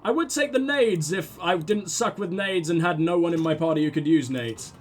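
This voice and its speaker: A man hosting a let's play, commenting excitedly with joking, profane asides. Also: fairly high pitch, moderate pace, a little hiss or hum. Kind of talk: gaming commentary.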